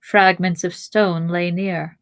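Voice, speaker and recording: A woman podcast host reading a fantasy novel aloud, with expressive narration and chatty asides. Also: on the low side, takes it slowly.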